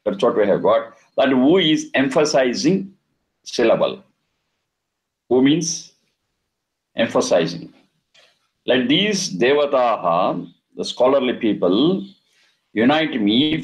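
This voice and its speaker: A man teaching a scripture lesson. He explains Sanskrit words slowly and deliberately, and he repeats and chants the terms. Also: medium pitch, rough recording. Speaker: Vedic teacher.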